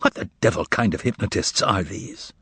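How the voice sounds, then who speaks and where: A man's voice: sits low, moderate pace, vocal fry, bright, forceful tone, husky, no room sound, full character voice. A man voicing a weary, troubled writer who speaks firmly, with a wry, resigned edge, in an audiobook. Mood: uneasy.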